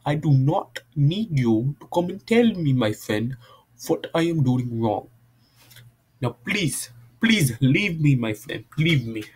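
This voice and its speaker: A man's voice: fairly high pitch, very animated, takes it slowly, a little mellow, breathy edge, exaggerated voice. A man voicing an exasperated, defensive man in a put-on Indian accent, who keeps repeating a friendly form of address.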